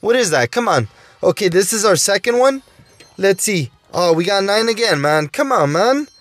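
A man's voice: high voice, expressive, moderate pace, no room sound, soft background music. A male YouTuber giving gameplay commentary while opening loot boxes, pleading for luck and calling out to his viewers again and again. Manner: pleading, keeps saying "guys" and "oh my dude". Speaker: mobile gaming YouTuber.

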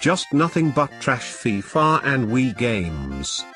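A man's voice: mid-range voice, sing-song, slow, pushed and bright, soft background music. A man in a scripted comedy sketch, ranting and boasting with constant swearing. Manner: foul-mouthed, ranting, boastful. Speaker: comedic host playing an angry game collector.

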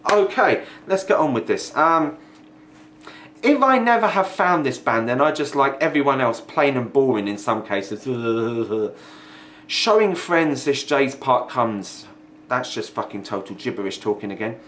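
A man's voice: mid-range voice, expressive, a little slow, a bit bright, a little hiss or hum. A young man ranting angrily in a vlog, sweary and mocking, sounding exasperated. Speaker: video ranter. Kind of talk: angry vlog rant.

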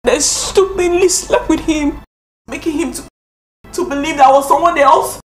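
A woman's voice: sits high, normal speed, close to an everyday voice. A woman playing a distraught pregnant young woman. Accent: Nigerian. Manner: defensive, near tears. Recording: echoey room.

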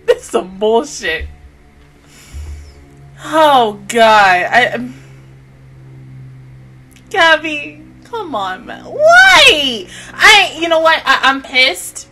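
Exasperated woman with a lively, bright voice. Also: high voice, extremely slow, long pauses, faint music behind. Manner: exasperated, swearing, sighing, trailing off. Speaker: anime reaction YouTuber. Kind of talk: emotional reaction vlog.

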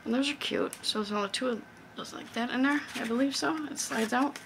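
Woman, chatty craft vlogger, fairly high voice, excitable, noisy home recording with crinkling packaging. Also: a little fast, creaky. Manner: chatty, excitable, thinks aloud while unpacking. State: out of breath. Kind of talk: casual thrift haul show-and-tell.

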